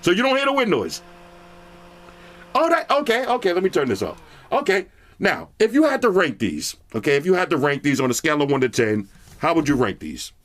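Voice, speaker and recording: A man's voice: on the high side, huge pitch swings, a little fast, fairly bright tone, dry recording. A man casually reviewing earbuds on his channel, chatting straight to viewers in slang. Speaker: product reviewer. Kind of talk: casual tech review vlog.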